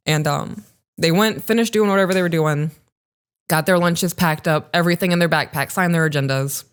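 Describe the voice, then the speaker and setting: A woman's voice: deep voice, fairly quick, smooth. A woman in her thirties co-hosting a podcast, telling a personal story in an earnest, reflective way. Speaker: podcast co-host. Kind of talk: casual chat, storytelling.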